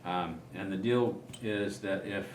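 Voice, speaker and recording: A man talking through a guitar setup in a relaxed, unhurried way, pausing often to think as he demonstrates. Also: low-pitched, reverberant, noisy background. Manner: relaxed, thinking aloud with many ums. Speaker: guitar player explaining setup. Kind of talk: casual demonstration.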